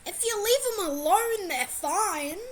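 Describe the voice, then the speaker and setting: A woman giving casual reaction commentary in a blunt, excitable way, swearing freely. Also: extremely high pitch, takes it slowly, background noise. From Australia. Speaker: reaction vlogger.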